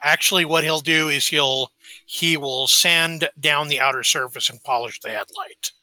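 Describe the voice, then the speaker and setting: A man with a fairly high, steady, bright and pushed voice talks at a moderate pace, with no audible room sound. He co-hosts a casual podcast, cracking jokes and spinning rambling anecdotes.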